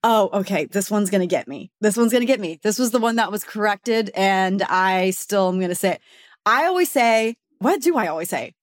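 A young adult woman co-hosting a casual chat show, animated and quick to laugh. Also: medium pitch, dry recording, studio quality. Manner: animated, laughing often, playful. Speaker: podcast co-host.

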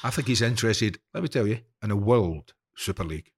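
A man's voice: fairly low pitch, expressive, a little fast, husky. A man co-hosting a football podcast, teasing and bantering in casual chat. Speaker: podcast co-host.

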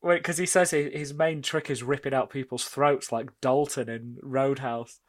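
A man's voice: medium pitch, steady tone, normal speed. A man in casual chat, laughing as he retells film scenes and acts out bits of dialogue. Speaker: podcast co-host discussing a film.

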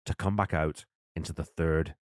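A man's voice: extremely low pitch, fairly even intonation, moderate pace, very noisy. A man, a drummer, casually and enthusiastically breaking down a song's rhythms, counting beats aloud. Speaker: drummer and host. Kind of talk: casual music breakdown commentary.

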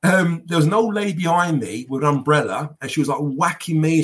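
Husky, slightly high man, animated storyteller in casual chat. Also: brisk, hardly any pauses. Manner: animated anecdotes, laughs as he tells them. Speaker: guest football fan.

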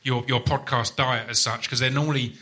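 A man hosting a relaxed podcast conversation in a bright, forceful voice. He muses aloud and restarts his sentences as he works through his thoughts. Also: mid-range voice, brisk. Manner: thoughtful, rambling, many restarts. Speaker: podcast host. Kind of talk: casual chat.

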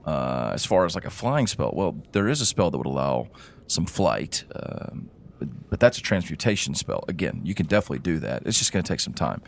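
A man's voice: rumbling low, big pitch swings, brisk, creaky, exaggerated voice. A man voicing an older male gnome librarian who stammers and fusses nervously. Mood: eager. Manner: stammering, flustered.

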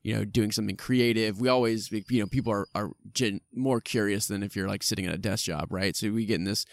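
Smooth-voiced man, relaxed guest. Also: lowish voice, brisk, no room sound. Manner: relaxed, reflective, searching for words. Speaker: podcast guest. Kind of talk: casual podcast chat. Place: outdoors in a park under a tree.

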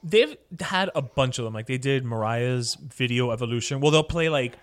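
A man co-hosting a podcast in casual chat, animated and laughing often. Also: normal speed. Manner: animated, laughs often, jumps pitch when excited. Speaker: podcast co-host.

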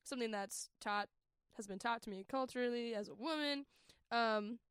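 Woman, podcast guest, high voice, quick and giggly, dry close sound. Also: clean tone, dry recording. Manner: giggly, chatty, lots of fillers. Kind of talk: casual chat.

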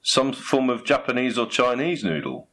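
A man's voice: mid-range voice, sing-song, normal speed, fairly bright tone. A man playing straight man in a comedy chat, dry and sceptical, asking pointed questions.

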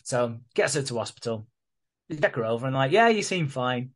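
A man's voice: medium pitch, animated, brisk, a bit bright. Man, podcast co-host, casual sweary storytelling. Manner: sweary, jokey retelling with quoted voices. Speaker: podcast co-host recapping a soap.

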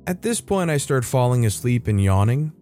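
Male story narrator, conversational reading, warm mellow timbre. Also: medium pitch, sing-song, moderate pace. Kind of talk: reading online stories aloud. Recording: faint background music. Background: soft background music.

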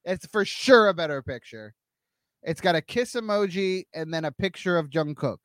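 A man co-hosting a comedy podcast, firing off quick ironic quips and mock outrage in casual chat. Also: a little high, animated, a bit bright, no echo, studio quality. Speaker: podcast co-host.

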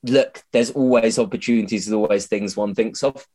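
A man's voice: fairly low pitch, fairly even intonation, moderate pace, background noise. A man, a comedian being interviewed on a podcast, chatty and self-mocking, swearing freely and often restarting his sentences. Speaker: comedian guest.

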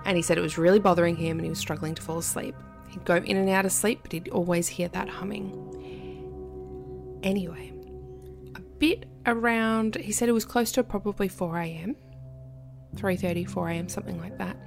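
Woman, creaky gravelly voice, casual storytelling, faint music underneath. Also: lowish voice, brisk. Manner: animated, drops to whispers for creepy parts. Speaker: podcast guest.

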